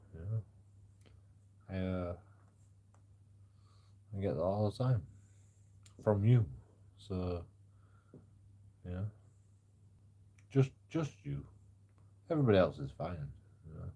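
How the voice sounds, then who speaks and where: A man streaming live who rambles and stammers, swearing freely and swinging between loud outbursts and low mutters. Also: expressive, slow pace, long pauses, breathy edge, lo-fi sound.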